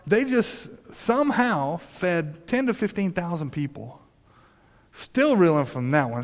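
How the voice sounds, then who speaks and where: A man preaching a sermon in a conversational way, often restarting his sentences and acting out quoted voices. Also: high voice. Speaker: pastor. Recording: long reverb of a hall.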